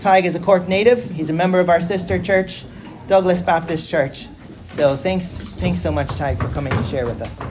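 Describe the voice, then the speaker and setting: A woman with a fairly low voice introduces a guest preacher at a church service. The recording carries clear hiss and sounds a little distant from the mic. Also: moderate pace.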